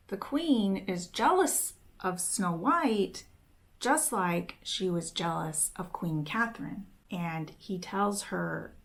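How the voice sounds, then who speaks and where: A woman's voice: mid-range voice, vocal fry. A young woman casually retelling a story while she works, chatty, reporting the dialogue with "she's like" and "he's like". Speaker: book summarizing nail vlogger.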